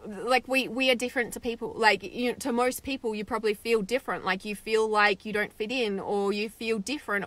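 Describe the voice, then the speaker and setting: A woman's voice: on the high side, a bit bright. A woman hosting a live meditation stream, bubbly and laughing often as she reads viewer comments aloud in a casual chat.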